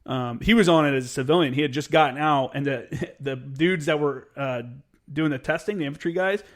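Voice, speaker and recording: A man in a relaxed podcast chat, telling stories from his service days in a somewhat high voice. He swears freely and keeps the telling lively, snapping into other people's voices when he quotes them. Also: a little fast. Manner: profane, animated, acts out others' lines with jumps in pitch. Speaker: Marine veteran podcast guest. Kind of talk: casual storytelling chat.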